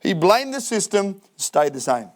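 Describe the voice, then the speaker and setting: A pastor preaches a sermon in a church hall, lively and jokey, acting out the excuses people make. His voice sits high, and he takes his time.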